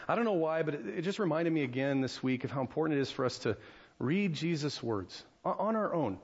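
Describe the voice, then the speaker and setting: A man's voice: on the high side, expressive, brisk, slightly rough, lo-fi sound. An American man preaching a sermon as pastor, conversational, with frequent restarts and rhetorical questions to the congregation. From United States.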